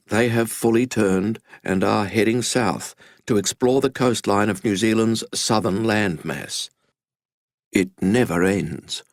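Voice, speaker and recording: A man's voice: fairly low pitch, no echo. A man narrating a scripted history story with a dramatic, wry storytelling manner, recorded in a studio.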